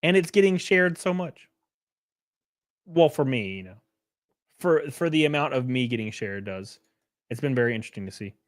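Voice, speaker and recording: A man's voice: medium pitch, lively intonation, normal speed, pauses often, no room sound. Worn-out male streamer, dry close mic. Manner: reads chat and articles aloud, swears, reacts with sarcasm. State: worn out, short of breath. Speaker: streamer host. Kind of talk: casual livestream commentary.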